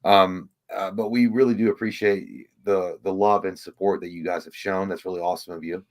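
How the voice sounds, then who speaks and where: A laid-back man co-hosting a casual livestream, joking easily and stumbling through fillers. His voice sits somewhat low. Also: steady tone, brisk. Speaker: podcast co-host.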